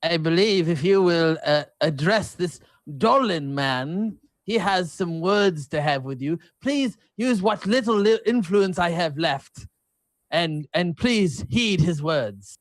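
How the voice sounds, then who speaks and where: A man's voice: high voice, expressive, slow pace, dry recording, studio quality. A man speaking formally and politely in character during a tabletop game. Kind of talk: in-character tabletop role-play.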